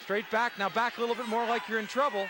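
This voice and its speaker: A high-voiced man breaks down football replays as the color commentator, talking the listener through each step. Clear stadium noise stays behind his voice. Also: little pitch movement, quick pace.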